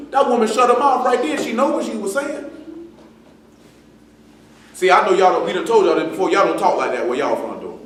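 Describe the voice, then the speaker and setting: A man's voice: sits high, a little fast, slight background noise. A man preaching a sermon in loose street slang, joking and quoting people. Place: church assembly hall. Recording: echoey hall from far off.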